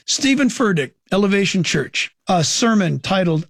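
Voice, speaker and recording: A man's voice: high voice, animated, normal speed, no room sound, clean studio sound. A man critiquing preachers' teachings in an emphatic way, asking his own questions and answering them. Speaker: Christian commentator.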